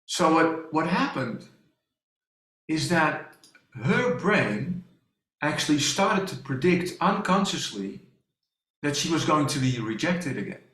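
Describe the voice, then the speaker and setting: A man giving a presentation and telling a personal story to an audience, halting, with many restarts and fillers. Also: on the high side, sing-song, a bit bright. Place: presentation hall. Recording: echoey room.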